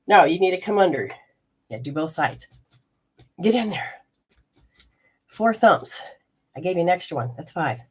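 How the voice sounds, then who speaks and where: Husky-voiced woman teaching self-healing points. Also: on the low side. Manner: emphatic, talks straight to the viewer with rhetorical questions; folksy, exclamatory asides. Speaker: host and energy healer. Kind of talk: instructional health show.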